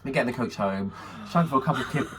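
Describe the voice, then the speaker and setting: A man's voice: mid-range voice, rapid-fire, distant mic. A man, co-hosting a podcast, telling a long anecdote in casual chat and acting out friends' lines. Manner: animated storyteller, quoting friends in shifting voices, swearing freely. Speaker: podcast co-host.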